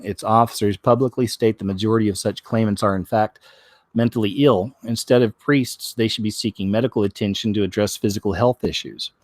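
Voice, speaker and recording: A man hosting a show, reading news stories aloud, stumbling over words, clearing his throat and adding wry comments of his own. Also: fairly low pitch, no room sound, clean studio sound. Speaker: host.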